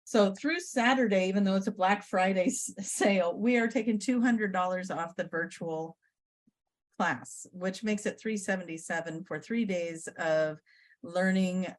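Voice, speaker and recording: A woman's voice: mid-range voice, a little slow. A woman guest on a podcast, chatting casually and upbeat, promoting an event in a rambling way. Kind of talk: casual chat.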